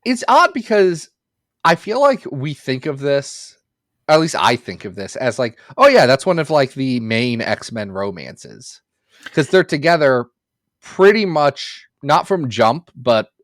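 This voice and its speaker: A jokey man co-hosting a podcast, riffing on bits in loose, casual chat. His pitch jumps around, bouncing up and down through every sentence. The sound is close and dry, with no room echo. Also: measured pace. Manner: jokey, animated, riffs on bits and voices. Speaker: podcast co-host.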